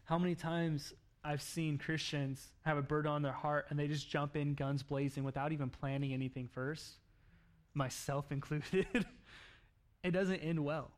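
A man preaching a sermon, telling a story in an animated way with laughs and acted-out quotes. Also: fairly high pitch, normal speed. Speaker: pastor.

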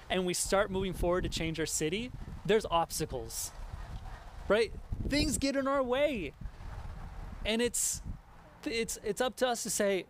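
A man preaching a sermon in an animated way, often stopping and restarting and acting out imagined conversations. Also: high-pitched, normal speed, a little hiss or hum. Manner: animated, acts out imagined dialogue with many restarts.

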